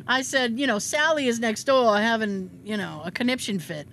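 A woman telling a funny story in casual chat, acting out the people in it with lively voices and frequent laughter. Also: a little high, a little slow, a little hiss or hum. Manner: animated, acts out quotes in shifting voices, laughs often. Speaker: podcast co-host telling a story.

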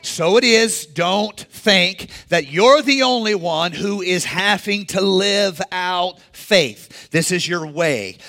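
A man preaching a sermon in a conversational way, rising to shouts and acting out the people in the story. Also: sits high. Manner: acts out quoted characters in the story. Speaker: pastor.

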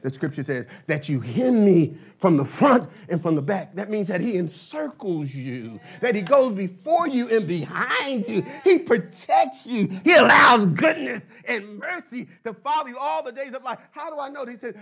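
A man in his fifties preaching a sermon, building to emphatic shouted bursts and dropping into playful asides. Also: very high-pitched, very animated, normal speed, gravelly, hardly any pauses, slightly rough. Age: 50s. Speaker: pastor.

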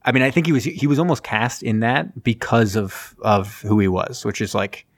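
A man's voice: mid-range voice, moderate pace, no echo, studio quality. A man co-hosting a casual movie-review podcast, recapping scenes with jokes and acted-out quotes. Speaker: podcast co-host.

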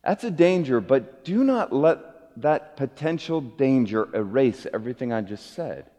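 A middle-aged man preaching a sermon as a pastor, earnest, rising to emphatic peaks and dropping to soft low phrases. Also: lively intonation, measured pace. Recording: long hall reverb.

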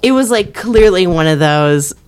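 Woman cohost chatting about movies, fairly low voice, laughs a lot, does voices. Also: normal speed, clear, resonant tone. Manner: animated storyteller, acts out voices, laughs often. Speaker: podcast co-host. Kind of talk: casual chat about movies.

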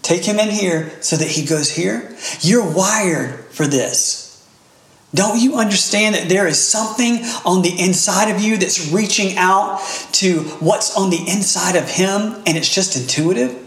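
A middle-aged man preaching a sermon as pastor, animated and building to emphatic peaks. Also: high voice, a little slow. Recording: echoey room.

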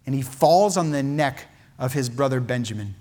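A male pastor preaching a sermon with feeling, swinging from loud emphatic peaks to hushed, quiet lines. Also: mid-range voice, animated, moderate pace.

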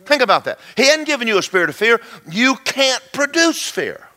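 A man preaches a sermon in a folksy, animated style at a moderate pace. He swings from loud, emphatic lines to low, quiet asides and acts out little dialogues along the way.

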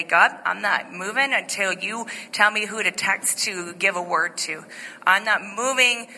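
A middle-aged woman pastor giving an informal sermon testimony, chatty and animated, with many fillers and restarts. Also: medium pitch, big-room sound, poor audio. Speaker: lead pastor. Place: church sanctuary.

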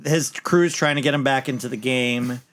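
A man's voice: medium pitch, fairly even intonation, normal speed, fairly bright tone. A man co-hosting a casual movie chat, rambling through the plot and correcting himself as he goes. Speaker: podcast co-host.

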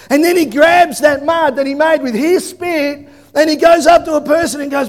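Male preacher, lively storyteller who breaks into shouts; unusually high voice, long echo of a church hall. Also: brisk. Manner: animated storytelling, bursts into shouting. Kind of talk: sermon.

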